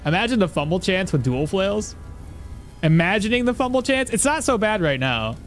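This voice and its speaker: Lively-voiced man streaming a game. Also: sits high, moderate pace, soft background music. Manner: chatty, talks to himself and reads chat aloud. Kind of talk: casual live-stream chat while playing.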